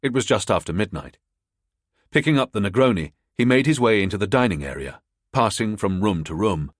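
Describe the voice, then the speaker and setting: A man narrating a spy thriller audiobook in a measured storytelling manner, close to the mic. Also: fairly low pitch, lively intonation, no room sound. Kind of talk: scripted narration.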